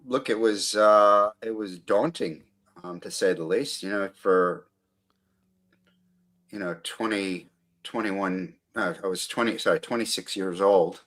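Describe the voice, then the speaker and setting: A middle-aged American man with a slightly softened accent, telling stories as a guest in a casual podcast interview, with many ums and restarts. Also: lowish voice. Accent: American, slightly softened by Australian. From Connecticut, USA. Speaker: guest photographer.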